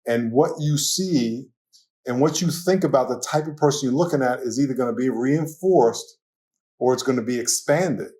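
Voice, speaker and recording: Guest pastor, New York accent, man, animated storyteller with ready laughter. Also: medium pitch, moderate pace. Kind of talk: casual conversational interview.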